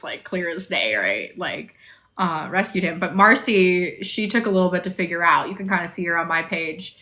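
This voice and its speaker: Young woman, bright and chatty, livestream host answering comments, phone-on-tripod sound. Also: medium pitch. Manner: chatty, bubbly, reads and answers viewer comments. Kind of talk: casual livestream chat. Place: motel room.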